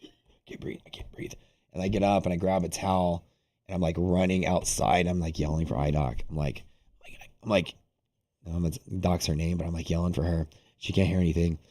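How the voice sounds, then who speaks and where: Very deep-voiced man telling a rambling story. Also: brisk. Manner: rambling, animated, heavy use of "like". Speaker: day-trading livestream host. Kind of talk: casual storytelling to a live audience.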